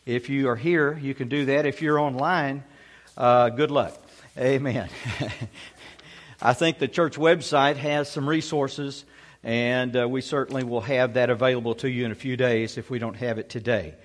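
A man's voice: mid-range voice, steady tone, unhurried. A male pastor preaching a sermon to his congregation in a folksy way, often saying "Amen.". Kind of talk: sermon with a humorous story. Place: church sanctuary.

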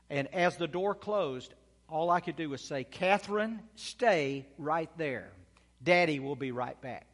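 A middle-aged male pastor preaching a sermon, telling a personal story that swells into loud exclamations. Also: medium pitch. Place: church sanctuary. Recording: long church reverb.

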